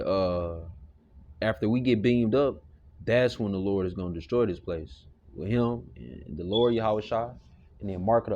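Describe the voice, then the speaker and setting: A man's voice: on the low side, mellow, highs cut off. A man teaching a casual Bible lesson, talking loosely and conversationally with lots of "you know" and the odd curse.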